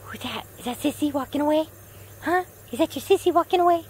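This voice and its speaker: A woman outdoors talking to puppies in a high, sing-song baby-talk voice. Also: fast, darkish tone, slight background noise. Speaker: dog owner filming puppies. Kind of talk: casual chat to puppies. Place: outdoors in a yard.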